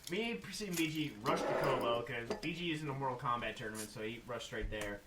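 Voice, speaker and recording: In a roomy, noisy room at an anime convention, a podcast co-host tells convention stories in casual chat, laughing and acting out the quotes with animation. He has a mid-range voice and talks fast.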